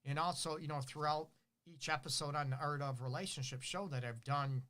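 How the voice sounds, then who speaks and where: A middle-aged man giving relationship advice on his own show. His talk is casual and lively, full of rhetorical questions and little acted-out lines from couples. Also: on the high side, a little fast. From Detroit. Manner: animated, asks rhetorical questions, acts out partners' lines. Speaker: relationship counselor hosting a show.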